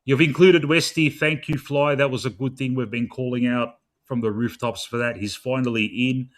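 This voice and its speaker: A man's voice: mid-range voice, fairly even intonation, moderate pace. A young Australian man previewing a football match, swearing constantly and pleading with the coach in an exasperated rant. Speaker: football fan podcaster.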